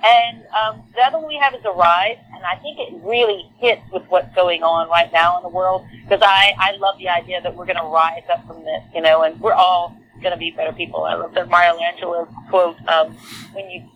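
A woman with a Southern accent from Texas, a lead singer chatting as a guest in a casual interview, animated and full of fillers and restarts. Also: fairly low pitch, fairly quick, lo-fi sound. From Texas, USA.

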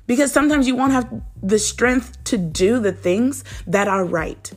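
A woman's voice: on the high side, expressive, a little slow, faint music behind. Earnest woman leading a daily devotional. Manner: earnest, conversational, addresses listener directly. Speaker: devotional host.

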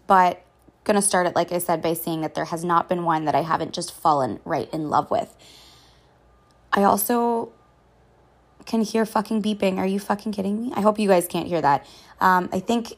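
A chatty woman talks through a coffee review in her own kitchen, upbeat and casual. She swears freely and rambles at an everyday pitch, like someone chatting with friends. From Canada. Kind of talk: casual chat.

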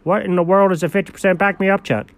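A man co-hosting an improvised comedy show, playing the exasperated straight man in quick back-and-forth. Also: high voice, steady tone, dry recording. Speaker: comedy co-host.

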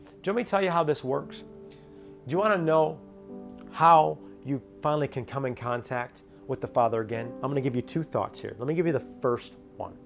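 A young man preaching a sermon as pastor, moving from quiet storytelling to loud, fervent appeals. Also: mid-range voice. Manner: storytelling with homely family examples.

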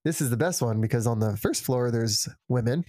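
A man's voice: mid-range voice, brisk, darkish tone, no echo. Rambling young man, dry close sound. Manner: rambling storyteller, filler-heavy, acts out quotes. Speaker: podcast co-host telling a story. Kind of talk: casual chat.

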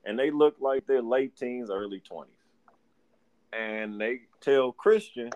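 A young man from Detroit telling a neighborhood story on a casual podcast. His pitch sits in a middle range, and he laughs often and acts out the other people's lines as he goes. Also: unhurried, darkish tone. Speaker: podcast co-host.

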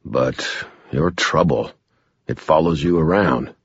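A man voicing a careful, quiet shopkeeper. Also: a bass voice, slow pace, slightly rough, no room sound, dull audio, full character voice. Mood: guarded, apologetic. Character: tired middle-aged male bookshop owner, cautious.

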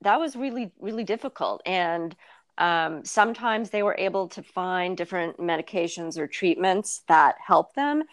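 In a relaxed interview, a woman in her fifties who writes and blogs talks openly and reflectively, often restarting and using fillers. Her voice is fairly low and her pace moderate.

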